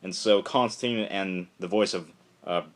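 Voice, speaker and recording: Rambling low-voiced man reviewing comics. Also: moderate pace. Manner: rambling, lots of fillers, acts out characters' lines. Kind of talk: casual solo review.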